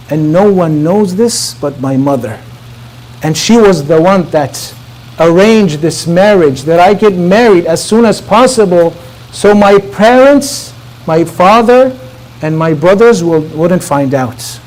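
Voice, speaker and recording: A man at a mourning gathering in a mosque, telling a sermon story and acting out the dialogue, his voice rising and then dropping to a hush. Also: a little high, measured pace, poor audio. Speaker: speaker at a mourning majlis. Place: mosque hall.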